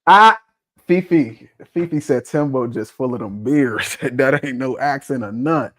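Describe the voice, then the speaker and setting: A man's voice: medium pitch, normal speed. A man hosting a livestream in a loose, joking, profane way, laughing often. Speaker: livestream host. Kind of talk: casual livestream chat.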